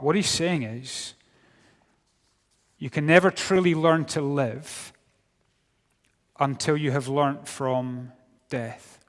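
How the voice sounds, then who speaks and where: A man's voice: fairly high pitch, takes it slowly, pauses often. Scottish man preaching in a reverberant hall. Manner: humorous, wry storytelling with sudden drops to quiet. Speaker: youth speaker. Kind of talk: sermon. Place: large hall.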